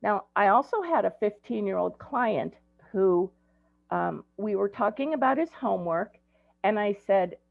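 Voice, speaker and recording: A woman's voice: medium pitch, animated, measured pace, gravelly, dry recording. A woman in her sixties, an ADHD coach, giving a conversational talk to parents, telling stories with frequent ums. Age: 60s. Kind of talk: presentation to parents. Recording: tinny phone-like dry audio.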